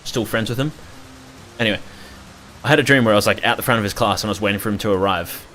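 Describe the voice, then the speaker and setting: A man's voice: on the low side, quick pace, pushed and bright. A young Australian man in his twenties chatting casually and rambling while streaming a game, joking and swearing often. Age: 20s. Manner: rambling, profane, jokey.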